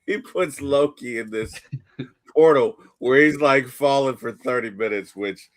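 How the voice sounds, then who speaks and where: A man chatting casually about a movie, retelling scenes and acting out characters in quick asides. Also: mid-range voice, dry recording. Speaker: podcast co-host.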